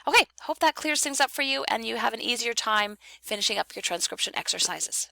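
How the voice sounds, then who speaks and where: A woman lecturing on phonetics in a recorded online class, patient and explanatory, repeating key terms to drive them home. Her voice is bright and edged with vocal fry. The sound is dry and close. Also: a little high, animated, fairly quick, no room sound. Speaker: phonetics instructor.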